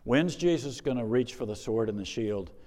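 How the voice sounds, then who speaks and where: A man's voice: medium pitch, expressive, moderate pace, dark tone, in a large hall, close to an everyday voice. A man preaching voices an impatient male disciple who keeps asking when the fighting will start, in eager, demanding questions. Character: impatient male disciple expecting a warrior king.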